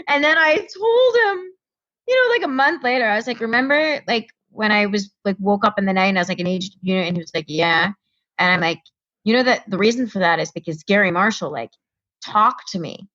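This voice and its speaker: A woman's voice: mid-range voice, lively intonation, fairly quick, a bit bright, highs cut off. A woman from Connecticut, a comedian guest, telling a story in casual talk and acting out the voices of the people in it.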